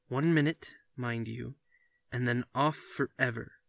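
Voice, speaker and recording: Resolute storybook father, read by a man, slow, dry delivery. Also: medium pitch, steady tone, gravelly, a bit bright, no room sound. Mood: stern. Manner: firm, emphatic declarations. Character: stern father, uneasy then firm and forceful. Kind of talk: reading a story aloud.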